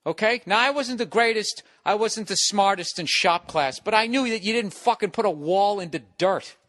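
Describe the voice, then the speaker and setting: A man's voice: sits high, normal speed, a bit bright, no echo. A man hosting a podcast from his home, delivering a profane, exasperated solo rant. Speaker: podcast host. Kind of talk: solo ranting monologue.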